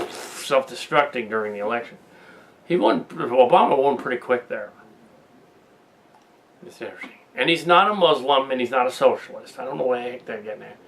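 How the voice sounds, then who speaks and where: A man's voice: mid-range voice, fairly bright tone. A man hosting a casual political commentary monologue, rambling with frequent restarts and laughing at his own jokes. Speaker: host.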